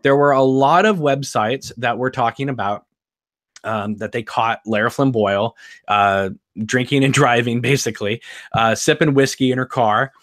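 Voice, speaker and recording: A man's voice: medium pitch, moderate pace, fairly bright tone, no echo, studio quality. A man hosting a podcast in casual chat, hesitant with many ums and you-knows. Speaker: podcast host.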